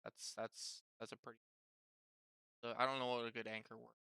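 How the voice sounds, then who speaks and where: A man's voice: mid-range voice, flat delivery, a little fast, vocal fry, pushed and bright, smooth, no echo. A man hosting a tabletop game's session zero, chatting casually and often stumbling over and repeating his words. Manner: stammering, restarts words. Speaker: player and channel host. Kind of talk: casual chat.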